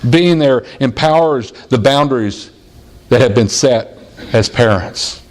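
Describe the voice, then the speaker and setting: A male pastor preaching a sermon in plain, earnest words, telling stories and sometimes quoting a small child in a high voice. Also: lively intonation, measured pace. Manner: jumps to a high child's voice when quoting a boy. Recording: audio-only church sermon recording.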